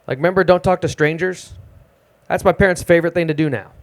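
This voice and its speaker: Deadpan young comedian on a club stage. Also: male voice, a little high, fast. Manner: deadpan, self-deprecating delivery. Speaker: stand-up comedian. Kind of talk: stand-up set at an open mic. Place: small live music club stage.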